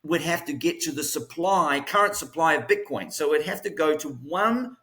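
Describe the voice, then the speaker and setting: A man's voice: fairly high pitch, animated, moderate pace, a bit bright. A man hosting a crypto trading show, talking in a chatty, upbeat way with strong rhythmic emphasis. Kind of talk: casual market commentary.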